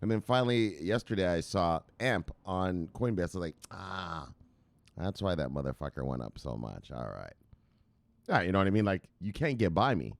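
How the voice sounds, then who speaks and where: A man's voice: sits low, sing-song, moderate pace, gravelly. A man hosting a casual crypto news show, playful and loose, chanting sing-song refrains and swearing freely. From United States. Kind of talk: casual market commentary.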